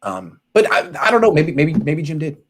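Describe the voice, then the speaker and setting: A man hosting a sports podcast, telling stories in casual chat with sudden loud outbursts and muttered asides. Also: on the high side, normal speed. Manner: excitable storyteller, jumps between loud outbursts and muttered asides.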